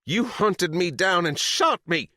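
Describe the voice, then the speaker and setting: A man's voice: mid-range voice, lively intonation, moderate pace, a bit bright, no room sound, studio quality, pitched above the performer's own voice. A man voicing a furious, vengeful mother held captive for decades, who shrieks her accusations in an audiobook. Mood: screaming, vindictive. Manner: shrieking, bitter, trembling. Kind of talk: audiobook character reading.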